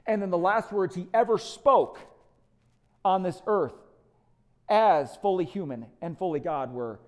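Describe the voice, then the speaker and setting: Lead pastor preaching with lively storytelling. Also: male voice, high-pitched. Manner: storytelling, lively and emphatic, slows to quiet reflection. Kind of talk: sermon.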